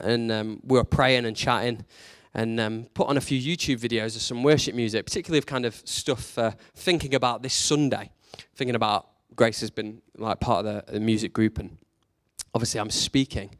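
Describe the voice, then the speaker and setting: Candid male preacher, higher voice. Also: no room sound, studio quality. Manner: conversational and candid, with rising emphatic questions. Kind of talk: sermon.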